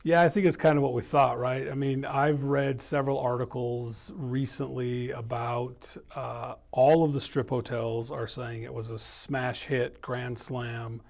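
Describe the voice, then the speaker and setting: Chatty male host, mid voice, relaxed and friendly banter. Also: mid-range voice, a little slow, gravelly, few pauses. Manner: upbeat, chatty, many fillers. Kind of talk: casual podcast chat. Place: small office studio.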